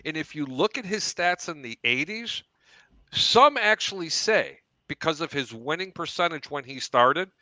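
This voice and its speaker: A man hosting a sports talk show, telling long animated anecdotes with asides to his co-hosts. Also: a little high, moderate pace, no room sound, low-quality recording. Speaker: host.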